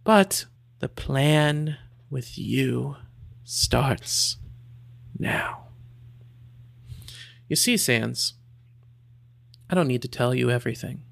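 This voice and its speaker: A man voicing a menacing hooded male villain who drawls slow, half-whispered threats in a gravelly voice. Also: medium pitch, fairly bright tone, dry recording, heavily acted.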